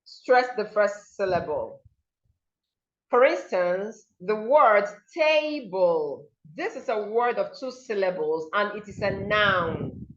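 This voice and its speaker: A woman's voice: medium pitch, animated, slow, highs cut off. A woman teaching a pronunciation seminar, saying example words over and over to model the stress. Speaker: diction teacher.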